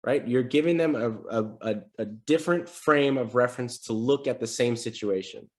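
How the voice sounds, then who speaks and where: A man's voice: mid-range voice, normal speed. A man coaching salespeople on a live stream, talking casually and energetically and acting out sample sales calls. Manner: energetic, conversational teaching with role-played examples. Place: home desk setup.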